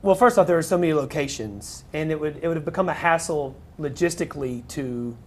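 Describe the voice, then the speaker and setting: A man co-directing a web series, talking on a live panel with quick joking asides. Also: on the high side. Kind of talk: casual panel talk.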